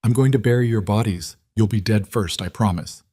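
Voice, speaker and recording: A coolly polite mine boss villain, calm and menacing as he lays out his plans, read by a man. The voice sits low and the sound is dry and close. He stays smooth and unhurried in a western storybook reading. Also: dry recording. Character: cold, calculating male villain mine boss.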